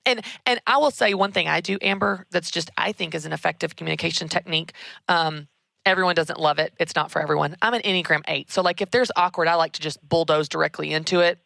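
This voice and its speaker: Woman host, low gravelly voice, dry close sound, emphatic storyteller. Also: quick pace, sharp tone, no room sound. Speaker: podcast host. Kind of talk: conversational advice.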